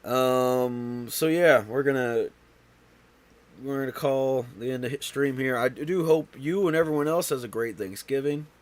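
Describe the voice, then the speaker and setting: A man's voice: mid-range voice, moderate pace. Tired, stuffy man rambling on stream. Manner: tired, rambling with many fillers and restarts. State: stuffy and out of breath. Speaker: livestream host. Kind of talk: casual livestream chat.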